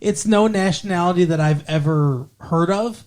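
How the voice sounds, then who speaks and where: A man's voice: high voice, normal speed, darkish tone, a little hiss or hum. Rambling male podcast co-host. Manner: rambling, digressive, corrects himself mid-sentence. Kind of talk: casual movie podcast chat.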